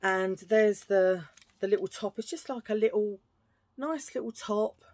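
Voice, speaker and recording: Woman, gushing chatty haul vlog, dry close sound, mid pitch. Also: measured pace, a little mellow, no room sound. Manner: gushing, chatty, rambling with restarts. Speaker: vlogger showing a thrift haul. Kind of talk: casual chatty haul video.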